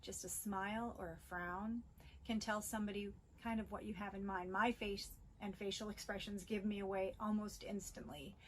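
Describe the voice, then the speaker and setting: Middle-aged lady teaching bus drivers, steady and plain, mid-pitched, little um here and there. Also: a little hiss or hum, low-quality recording. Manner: measured, instructional, occasional fillers. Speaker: school bus safety trainer. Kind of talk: training video presentation.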